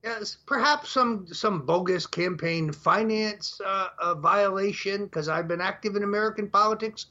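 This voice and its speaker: A man's voice: sits high, moderate pace, few pauses, bright, forceful tone. An older man as an interview guest, speaking emphatically and laying out his points one by one, on dull lo-fi audio. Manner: emphatic, lays out numbered points. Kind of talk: talk show interview.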